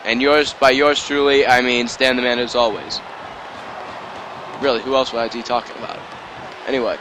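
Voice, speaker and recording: A man calling wrestling play-by-play in an excited, rambling amateur style, full of asides and self-corrections. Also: mid-range voice, slight background noise, low-quality recording. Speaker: play-by-play commentator.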